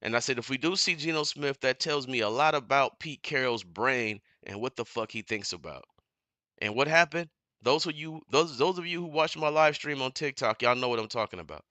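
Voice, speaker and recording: A man in a fired-up, profane fan rant on his live stream, repeating himself and getting louder as he goes. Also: medium pitch, a little fast, no room sound. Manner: heated, profane, repeats himself, builds to shouting. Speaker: sports commentator streamer. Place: home living room.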